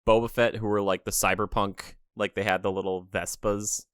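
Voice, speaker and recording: Man, podcast host, lowish voice, dry close sound, rambling casual talk. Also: level tone, normal speed, clean tone, no room sound. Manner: rambling, heavy use of "like". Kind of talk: casual chat.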